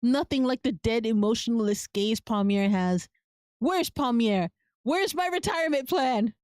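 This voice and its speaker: A woman's voice: a little high, normal speed, darkish tone, no room sound, natural voice. A woman voicing Mister Dietrich, a greedy scheming male sorcerer-shopkeeper who threatens and curses, from a game. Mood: furious. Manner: smug, threatening, cursing.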